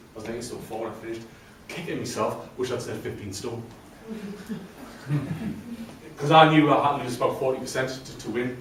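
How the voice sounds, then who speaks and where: A man's voice: medium pitch, fast talker, noisy background. A man telling his own story to a live audience, chatty and self-deprecating. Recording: very echoey room from a distant mic, faint ambience.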